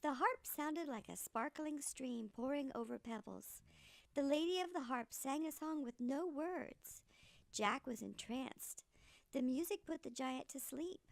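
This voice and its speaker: An older woman reading a children's story aloud, slow and animated, with a gravelly voice. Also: sits high, no echo.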